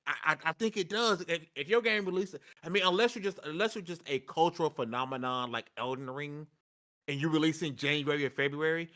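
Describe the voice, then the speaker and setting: A man's voice: a little high, brisk, fairly bright tone. A man in casual gaming talk over a remote call, emphatic and repeating himself when he rants.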